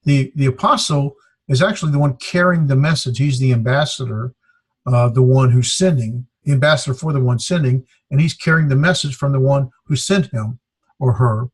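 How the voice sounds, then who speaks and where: A man teaching a classroom lesson, speaking haltingly and sounding words out syllable by syllable. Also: medium pitch, slightly rough. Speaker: Greek teacher.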